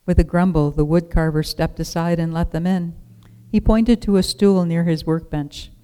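A storyteller reading a storybook aloud in a calm, measured way. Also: medium pitch, clean tone.

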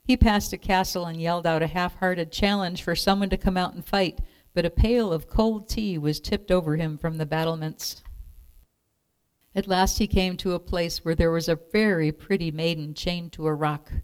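A woman reading a children's storybook aloud in a clear, expressive way. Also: lowish voice, normal speed.

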